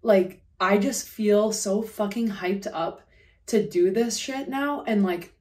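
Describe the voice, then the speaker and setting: Excitable woman with a slight lisp. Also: medium pitch, slow, far from the mic. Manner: excitable, swears, heavy use of "like". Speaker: podcast co-host. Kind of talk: casual chat. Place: remote, away from home studio.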